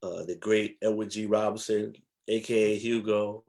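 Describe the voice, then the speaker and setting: Low-voiced man telling stories slowly. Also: little pitch movement, vocal fry, darkish tone. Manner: reflective, slow, emphatic storytelling with many fillers. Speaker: guest, historian. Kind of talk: casual interview storytelling.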